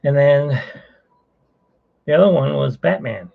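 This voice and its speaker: A man with a gravelly, husky voice chatting casually as he draws on a live stream, rambling and cutting himself off mid-thought. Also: on the high side, expressive, unhurried, dry recording, narrow, tinny audio. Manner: rambling, self-interrupting. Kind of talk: casual chat while drawing.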